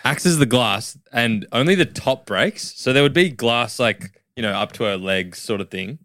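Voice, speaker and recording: A man's voice: medium pitch, lively intonation, moderate pace, a bit bright, dry recording, studio quality. A man raising points and asking questions in a casual film podcast chat. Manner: raises points, asks the group questions. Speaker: podcast co-host.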